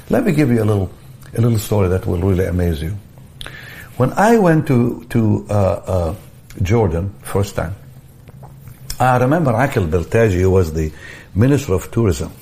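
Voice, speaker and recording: An older man telling a personal story in an interview, animated, often repeating words, restarting phrases and chuckling. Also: lowish voice. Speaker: evangelist guest telling a story.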